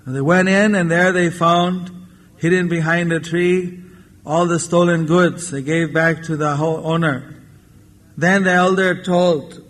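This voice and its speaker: A man giving a storytelling sermon as a spiritual lecturer, unhurried and acting out the characters in his tale. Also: fairly high pitch, steady tone, a bit bright. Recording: 1994 lecture tape with long hall reverb.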